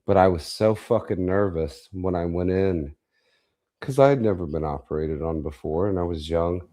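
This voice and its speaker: Very deep-voiced man telling a profane story. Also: moderate pace, mellow. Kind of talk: casual chat, storytelling.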